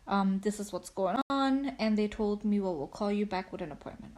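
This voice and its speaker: A woman's voice: mid-range voice, brisk, hardly any pauses, a little mellow. A young woman talks straight to her camera from the couch, casual and chatty. She sounds a bit short of breath, and her sentences wander, full of "like" and "um". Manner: chatty, rambling, many "like"s. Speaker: vlogger. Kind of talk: casual chat. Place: at home on a couch.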